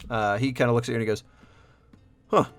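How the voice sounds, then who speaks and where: A man's voice: mid-range voice, steady tone, rapid-fire, smooth, faint music behind. A man running a tabletop game, describing scenes loosely with many fillers. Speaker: game master.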